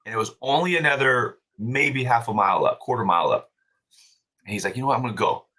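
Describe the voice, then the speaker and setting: A man telling a story on a podcast as the guest, animated and casual, swearing freely with many fillers and restarts. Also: medium pitch, fast, poor audio. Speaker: podcast guest, brewery owner.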